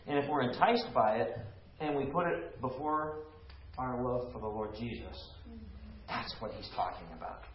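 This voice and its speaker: A man's voice: medium pitch, a little hiss or hum. A man leading a Bible study group, teaching emphatically and putting questions to the people around him. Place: room with a small group. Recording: echoey room, lo-fi.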